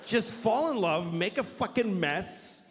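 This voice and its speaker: Blunt profane stand-up comic in a hall. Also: male voice, high-pitched, expressive, slow, noisy background. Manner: swinging into mocking voices for the people he quotes. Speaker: stand-up comedian. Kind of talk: stand-up comedy routine. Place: large hall with an audience.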